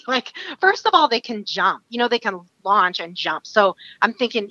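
A woman from Alaska, a guest, telling a story in a casual, animated way with many fillers and frequent laughter. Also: medium pitch, measured pace, no echo, lo-fi sound.

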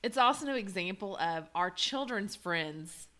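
A woman's voice: medium pitch, lively intonation, measured pace, a bit bright. A woman in her forties, telling a funny story in casual chat, laughing often with lots of fillers. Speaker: podcast co-host.

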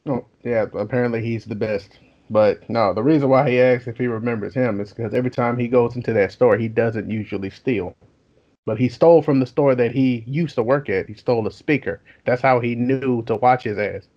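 A man's voice: medium pitch, a little fast. Profane young man telling a story. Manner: profane, animated storytelling with laughs. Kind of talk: casual storytelling chat. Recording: dull lo-fi sound.

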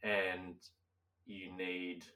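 A man's voice: low voice, level tone, extremely slow, sharp tone, far from the mic. A young man co-hosting a casual chat, rambling and laughing often, sometimes slipping into silly old-timey voices. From Australia. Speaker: podcast co-host.

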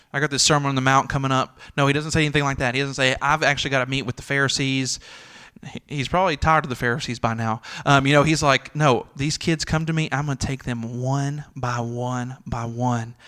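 A man's voice: medium pitch, a bit bright. A man in his thirties, a senior pastor preaching a sermon, earnest and tender with conversational asides, building to urgent pleading.

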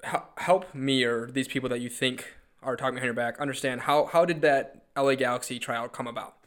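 A man's voice: medium pitch, steady tone, brisk, a bit bright. A man interviewing a guest casually, asking direct, curious questions.

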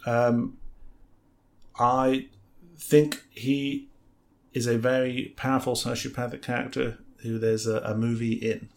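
A man's voice: medium pitch, little pitch movement, takes it slowly, gravelly, pauses often. Rambling, joking male podcast host. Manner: rambling, self-deprecating, playful. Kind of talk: casual movie review chat.

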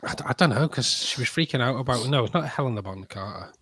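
A man's voice: medium pitch, animated, fast talker, a bit bright, breathy edge. A man co-hosting a podcast, chatting casually in a blunt, sweary way and laughing easily. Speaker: podcast co-host. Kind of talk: casual chat.

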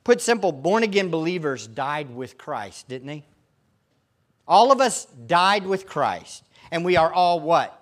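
A male pastor preaching a sermon, emphatic and fond of putting rhetorical questions to his congregation. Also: on the high side.

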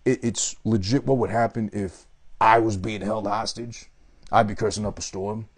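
A man's voice: lowish voice, steady tone, moderate pace, slightly rough. A man giving a rambling, profane, casual monologue about a movie he loves. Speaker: movie reviewer.

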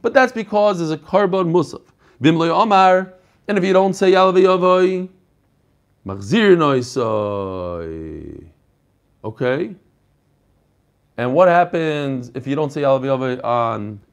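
A man teaching an online Talmud class over a video call, animated and quizzing his students. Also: a little high, normal speed. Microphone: computer mic on a video call.

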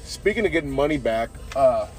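This podcast host has had a few beers and it shows: he swears a lot, says "dude" nonstop, and wanders through a loose solo monologue. His voice is medium-pitched, expressive, and fairly quick over soft background music.

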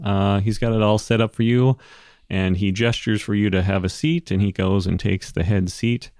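A man narrating as game master in a relaxed, rambling way, full of fillers. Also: lowish voice, normal speed, clean tone, no echo, studio quality.

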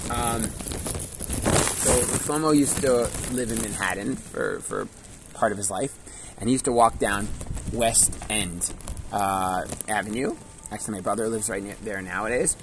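A man's voice: on the low side, normal speed, a little hiss or hum. Casual male Torah teacher outdoors. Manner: casual, checks in with listeners, sprinkles Hebrew and Yiddish words. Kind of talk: storytelling Torah class.

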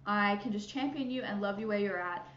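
A woman hosts a casual Christian podcast, bubbly and chatty, laughing often and filling gaps with fillers and restarts. Her mid-range voice is fairly quick and a bit bright, with a little hiss or hum, in an echoey room with muffled sound.

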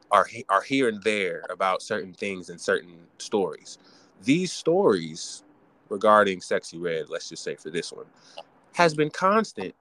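A man's voice: on the low side, a bit bright, no echo. A man hosting a podcast alone, ranting theatrically about hip hop culture. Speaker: podcast host. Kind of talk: solo podcast rant.

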